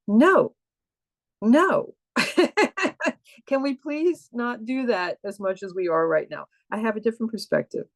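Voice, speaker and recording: An older woman with a low voice talks straight into a close, dry mic. She is casual and chatty, but she presses her points hard and throws in exclamations and asides. She has the easy manner of a coach. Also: darkish tone, no room sound. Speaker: coach and speaker on AI. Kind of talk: casual monologue.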